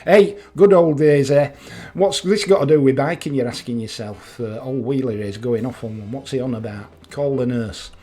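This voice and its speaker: A man's voice: medium pitch, moderate pace, mellow, husky. Yorkshire man chatting with a grin. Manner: chatty, self-mocking, laughs at own jokes. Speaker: motorcycle vlogger. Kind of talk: casual humorous monologue.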